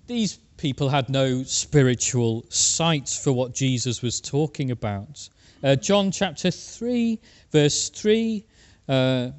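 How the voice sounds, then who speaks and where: A man preaching a sermon, talking to the congregation with rhetorical questions and frequent filler pauses. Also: fairly high pitch. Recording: long hall reverb.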